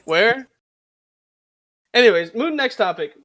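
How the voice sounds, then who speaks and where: A male podcast co-host speaks in a notably high voice, cracking profane jokes and pushing the chat along. The recording is close and dry. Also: animated, unhurried, a bit bright, no room sound. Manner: joking, profane, eager to move on. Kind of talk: casual chat.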